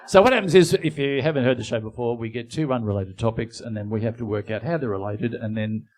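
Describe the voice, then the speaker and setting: A man's voice: mid-range voice, quick pace, a little mellow. An Australian man in his sixties co-hosting a podcast live on stage in a bar, teasing dryly and walking through the format. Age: 60s. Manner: dry teasing, explains the format. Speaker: podcast co-host. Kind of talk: casual comedic banter.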